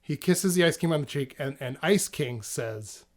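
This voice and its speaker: A man co-hosting a podcast in casual chat, animated and retelling scenes with quick character voices. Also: a little high. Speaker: podcast co-host.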